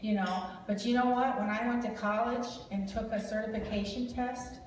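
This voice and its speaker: A Wisconsin woman with a fairly high, steady voice speaks at a moderate pace as a guest speaker prophesying over a family in a large hall. Her informal prophetic ministry talk is chatty, full of laughter and rambling asides. The echoey recording is taken from far off, with slight background noise.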